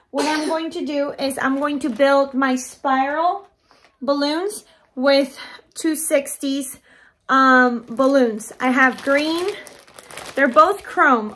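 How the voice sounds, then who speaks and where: A woman's voice: high-pitched, fairly bright tone, a little hiss or hum. A woman giving a DIY tutorial as a balloon decorator, chatting to viewers and gushing over her work. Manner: chatty, keeps addressing viewers as "you guys".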